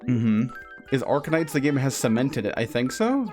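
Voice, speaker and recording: Brief: casual streamer talking over gameplay, self-correcting and chatty, soft game music underneath. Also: medium pitch, sing-song, moderate pace.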